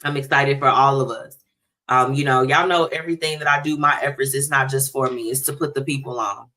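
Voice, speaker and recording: Low-voiced chatty woman host. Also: a little fast. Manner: chatty, animated, addresses listeners directly. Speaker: talk show host. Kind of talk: casual chat to listeners.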